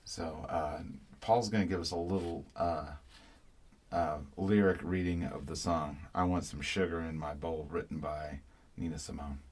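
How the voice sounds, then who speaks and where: Deep-voiced man hosting casually. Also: steady tone, moderate pace. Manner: rambling, emphatic, with frequent fillers and restarts. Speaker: podcast host. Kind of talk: casual chat.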